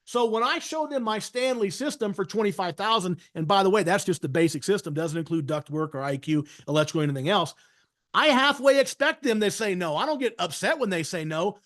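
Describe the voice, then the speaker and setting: Male sales trainer, higher-pitched voice, emphatic masterclass delivery with constant check-ins. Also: lively intonation, fairly quick, a bit bright. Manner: emphatic, frequently tags points with "right?". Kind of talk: webinar masterclass talk.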